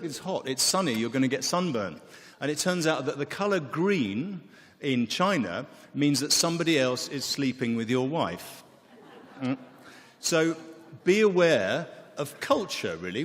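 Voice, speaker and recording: Man, mid pitch, relaxed joking keynote, big hall reverb. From England. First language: English. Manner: relaxed, joking storyteller, hesitant fillers. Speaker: wine expert, keynote speaker. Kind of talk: conference keynote with anecdotes. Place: conference hall. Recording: long reverb of a large hall.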